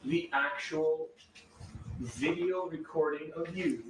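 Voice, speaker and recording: A man working as an attorney, pressing a witness with measured yes-or-no questions in a courtroom. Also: a little high, a bit bright. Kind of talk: courtroom cross-examination. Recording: distant mic in echoey courtroom, noisy.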